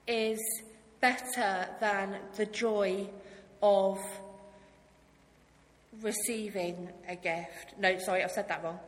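Woman, church children's talk, slow and upbeat, echoing hall with faint hiss. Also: medium pitch. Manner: enthusiastic, friendly, speaking to children. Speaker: church youth speaker. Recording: hall reverb with faint noise.

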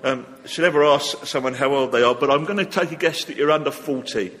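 A man's voice: mid-range voice, fairly quick, fairly bright tone. A man leading a church service, giving notices in a chatty, informal way with light humor, and reading a psalm. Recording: long reverb of a church hall.

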